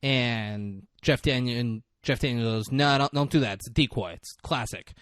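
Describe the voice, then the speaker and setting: A podcast co-host recaps a film in casual chat, swearing often and acting out the characters as he tells it. His mid-range voice is clear, resonant and a bit bright at a moderate pace, with clean studio sound and no echo.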